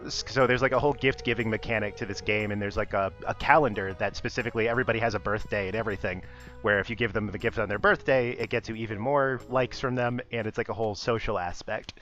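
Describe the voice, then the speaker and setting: A man's voice: on the low side, fast talker. Laid-back man explaining a game. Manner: relaxed explaining, laughs often. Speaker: podcast co-host streaming a game. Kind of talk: casual game-stream chat. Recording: slightly dull audio with faint music.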